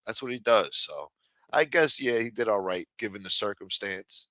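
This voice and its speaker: A man's voice: on the low side, lively intonation, moderate pace, bright, forceful tone, dry recording. A man ranting casually on a livestream, swearing constantly and getting heated as he mocks people. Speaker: livestream commentator. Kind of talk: casual profane rant.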